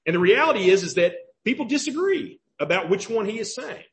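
A man's voice: sits high, sing-song, fairly quick. A man with a Southern US accent preaching a sermon as pastor, emphatic and questioning, repeating key phrases.

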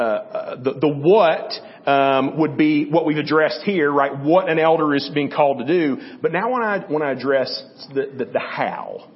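A man's voice: mid-range voice, highs cut off. A man giving a conversational Bible teaching, often checking in with his listeners by asking "okay?" and "right?". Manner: conversational, with restarts and fillers. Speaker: church teacher.

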